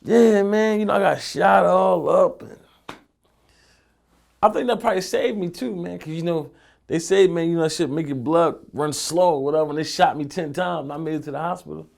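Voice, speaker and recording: A man's voice: a little high, normal speed, gravelly, a little mellow. A young man from Philadelphia, a rapper being interviewed, telling loose streetwise stories full of profanity and "you know what I'm saying.". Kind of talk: casual interview storytelling.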